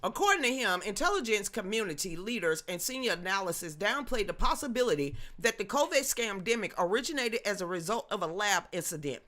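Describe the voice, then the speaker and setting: A woman's voice: medium pitch, animated, brisk, hardly any pauses, pushed and bright. A woman in her fifties hosting a news commentary livestream, reading chat and ranting emphatically in a rambling way.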